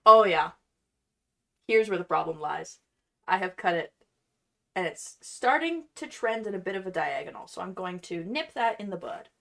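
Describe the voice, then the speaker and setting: A woman's voice: lowish voice, very animated, moderate pace, creaky, a bit bright. A young woman chatting casually on a livestream while she crafts at home, playful and self-deprecating. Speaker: cosplay streamer.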